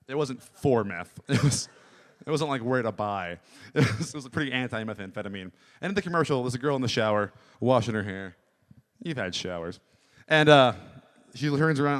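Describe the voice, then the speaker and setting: A man performing a stand-up comedy set at a small live venue, rambling and deadpan with lots of filler words. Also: fairly low pitch. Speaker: stand-up comic.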